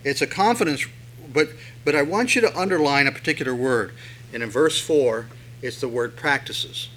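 A man preaching a sermon in a conversational way, asking rhetorical questions and swelling louder when he reads scripture. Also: medium pitch, normal speed, rough recording. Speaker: pastor.

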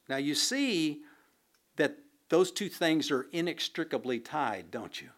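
A man preaching a sermon, reading scripture and explaining it in a deliberate, unhurried way with occasional fillers. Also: fairly high pitch, sing-song. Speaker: pastor.

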